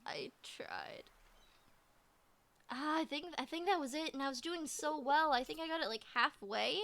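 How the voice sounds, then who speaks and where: A woman's voice: high-pitched, fairly quick, fairly bright tone. A woman streaming a video game, chatting casually and playfully repeating herself as she plays. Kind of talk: casual gameplay commentary.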